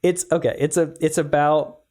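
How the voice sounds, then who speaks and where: A man's voice: a little high, level tone, normal speed, a little mellow. A young man co-hosting a podcast, chatting casually and filling his talk with "like" and "yeah.". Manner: chatty, filler-heavy with "like" and "yeah". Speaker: podcast co-host. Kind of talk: casual chat.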